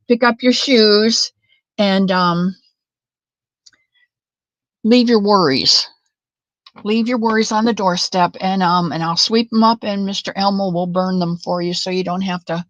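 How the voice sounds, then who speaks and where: Her medium-pitched voice has a fairly bright tone, and there's no room sound. She's a chatty crochet livestreamer working in her home craft room, calling out viewers by name and wandering off-topic.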